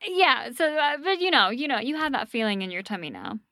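A woman host casually telling a ghost story on a podcast, animated and swearing freely. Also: a little high, brisk.

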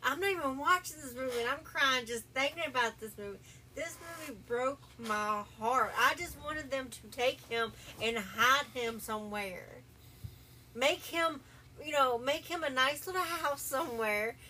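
A woman's voice: sits high, moderate pace, pushed and bright, distant mic, slight background noise. A woman co-hosting a podcast in casual chat, emotional and insistent, repeating herself. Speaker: podcast co-host.

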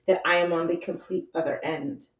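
A woman's voice: fairly low pitch, fairly quick, distant mic, slight background noise. Chatty mother, a bit off-mic, echoey. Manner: chatty, frequent fillers, animated storytelling. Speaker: guest, mother of a toddler. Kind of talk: casual chat.

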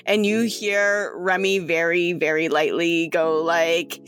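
A woman's voice: fairly low pitch, level tone, takes it slowly, fairly bright tone, soft background music. A woman narrating as game master of a tabletop role-playing game, casual and chatty, with many fillers and restarts.

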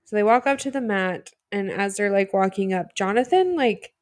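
A woman's voice: medium pitch, no echo, clean studio sound. A woman co-hosting a podcast, chatting casually and adding her own take on the episode. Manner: chatty, quick to agree and add her take. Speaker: podcast co-host. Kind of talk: casual chat recapping a reality show.

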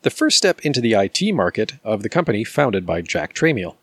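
A man reading a nonfiction book aloud as podcast host, in steady, measured scripted narration. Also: lowish voice, slightly rough, dry recording, clean studio sound.

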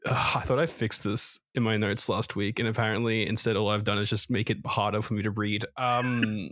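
A man's voice: lowish voice, little pitch movement, moderate pace, a bit bright, no room sound, clean studio sound. A man co-hosting a movie review podcast in casual chat, joking and laughing at his own slips. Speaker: podcast co-host.

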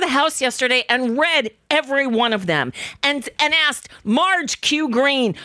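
A woman's voice: sits high, big pitch swings, unhurried, few pauses, sharp tone, no echo, studio quality. A woman hosting a political talk radio show, ranting angrily with profanity.

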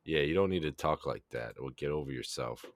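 A man's voice: a bass voice, a little fast. A man co-hosting a casual podcast, blunt and profane with a joking edge. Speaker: podcast co-host. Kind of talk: casual chat.

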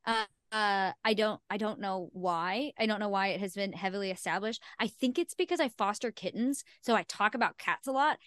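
A woman's voice: medium pitch, a little fast, hardly any pauses, a bit bright, no room sound. Frank, laughing young woman, dry sound. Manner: frank and self-mocking, swears freely, laughs often. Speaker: podcast guest, singer-songwriter. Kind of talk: candid casual chat.

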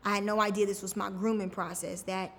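On a podcast, a female guest recounts her own experiences in a casual, candid way, leaning heavily on "like" as a filler. Her mid-range voice is a bit bright, moves little in pitch, and runs brisk; the room is reverberant, with faint music playing.

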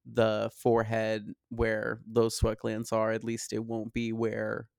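A man's voice: lowish voice, monotone, slow, gravelly, a little mellow, smooth, dry recording, clean studio sound. A man co-hosting a podcast, chatting casually in a gossipy, rambling way with lots of fillers. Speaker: podcast co-host. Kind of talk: casual chat.

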